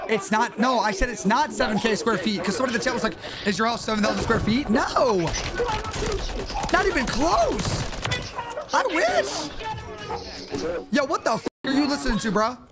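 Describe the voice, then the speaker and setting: A young man streaming a shooter game live, excitable and trash-talking in slangy chatter. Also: extremely high pitch, fast talker, hardly any pauses, over loud music. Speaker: gaming streamer.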